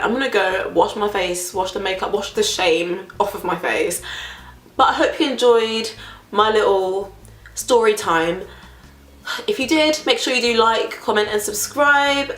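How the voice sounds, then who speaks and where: Lively chatty British woman vlogger. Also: a little high. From Britain. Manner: chatty, animated, lots of filler words. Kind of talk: storytime vlog. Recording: echoey room.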